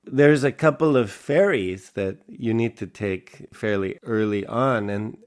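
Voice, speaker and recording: A man's voice: on the low side, unhurried, clear, resonant tone. A man hosting a podcast interview, speaking in a conversational, reacting way. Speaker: podcast host.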